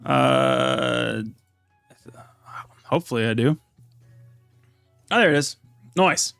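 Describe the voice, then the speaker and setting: A man casually chatting on a live stream, reading chat aloud and answering questions in a relaxed, rambling way. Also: medium pitch, takes it slowly, vocal fry, clear, resonant tone, no echo, faint music behind. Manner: laid-back, reads chat aloud, rambling asides. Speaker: livestream host.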